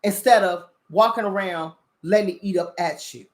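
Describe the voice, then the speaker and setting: At normal speed and medium pitch, a woman delivers casual spiritual commentary as host of a talk show. She preaches without softening anything, uses lots of profanity, and asks "you understand?" again and again.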